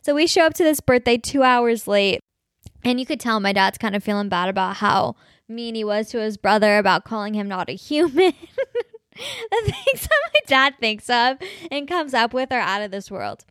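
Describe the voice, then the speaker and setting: A young woman hosts her own podcast, telling stories casually with lots of "like" and frequent laughter. Her voice sits a little high. The sound is close and dry, with no room echo. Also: moderate pace, smooth. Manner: chatty, animated, laughs while telling stories, many "like" fillers. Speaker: podcast host. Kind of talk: casual storytelling monologue.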